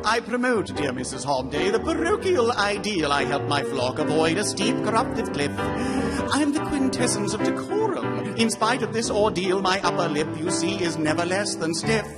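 Brief: a male singer as a pompous preaching parson, high tenor, wide swooping melody. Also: very animated, moderate pace, loud music behind the voice. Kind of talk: musical theatre singing. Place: concert stage.

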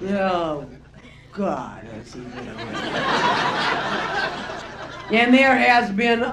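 A woman's voice: on the low side, big pitch swings, very slow, over a noisy crowd, heavy background noise. Brassy woman comic, live club. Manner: brassy, teasing, chats with the audience. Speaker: stand-up comedian. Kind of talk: live bawdy stand-up routine. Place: nightclub stage with a laughing crowd. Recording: roomy live club recording, audience laughter.

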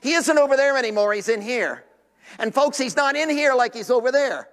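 Older man, revival preacher, very high voice, long church echo, shouts then drops to a whisper. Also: brisk. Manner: animated, swings from shouts to near whispers. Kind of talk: sermon. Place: church sanctuary.

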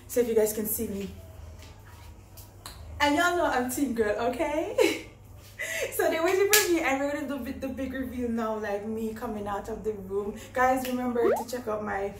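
A woman's voice: fairly high pitch, normal speed, recorded from a distance, noisy background. A young woman chatting to camera in a casual vlog, giggly and emotional, laughing often. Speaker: vlogger. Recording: echoey room.

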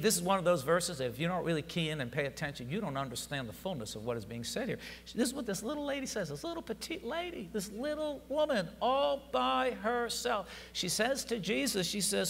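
A man preaching an Easter sermon in a high, bright voice that rings out over the congregation. He swings from hushed, near-whispered lines to fervent shouting. The sound carries a long church reverb over a faint hum. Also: expressive, fairly quick, gravelly, few pauses. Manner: dramatic preaching that builds from quiet to shouting. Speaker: pastor. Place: church sanctuary.

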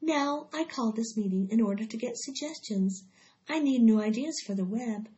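A woman voicing a wise, bossy female barn spider who speaks calmly and firmly, recorded on a dull lo-fi track. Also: a little high, normal speed, close to an everyday voice.

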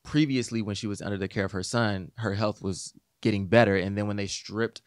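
A man co-hosting a podcast, giving earnest, measured opinions in casual talk. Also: fairly low pitch, steady tone, clean tone, no room sound, studio quality. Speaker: podcast co-host. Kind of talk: casual commentary.

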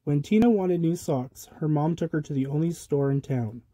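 A man reading a children's picture book aloud with a lively, rhythmic delivery of sound words. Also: on the high side, moderate pace, slightly rough, no room sound. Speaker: storybook reader. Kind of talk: children's storybook read-aloud.

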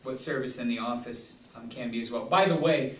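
A pastor with a medium-pitched, slightly bright voice leads a Bible study a little quickly, in a casual teaching style. He rambles and digresses, restarting often and using many fillers. The mic is distant in an echoey room.

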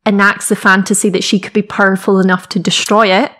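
A woman's voice: mid-range voice, level tone, fast, a bit bright. A woman co-hosting a podcast, talking things through in a thoughtful, hedging way. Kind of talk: casual chat.

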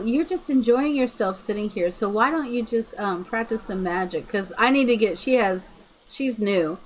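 A woman's voice: medium pitch, a little hiss or hum, rough recording. A woman streaming a game live, chatting casually and laughing through her words. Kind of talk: casual live-stream chat while gaming.

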